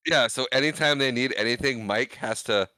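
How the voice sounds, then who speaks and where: A man with a smooth, bright, mid-pitched voice chats about a film on a podcast, offering dry, measured opinions on its scenes. The sound is close and dry. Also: no room sound. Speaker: podcast co-host. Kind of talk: casual movie discussion.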